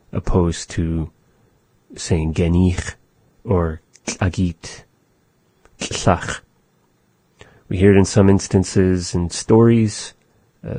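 A man giving a spoken language lesson, explaining phrases in a thoughtful, halting way as he searches for words. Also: low-pitched, dark tone, no echo. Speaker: language teacher.

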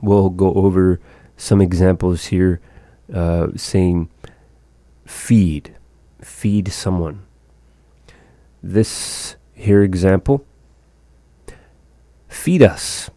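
Slow, low-voiced male language teacher. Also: warm tone, no room sound. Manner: careful, repeats phrases slowly for learners.

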